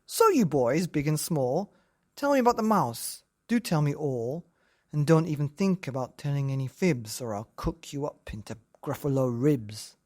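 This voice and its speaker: A man doing a bossy shrieking Gruffalo mum. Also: fairly high pitch, sing-song, moderate pace, darkish tone. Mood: scolding. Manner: scolding, boastful. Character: fierce bossy female Gruffalo mother.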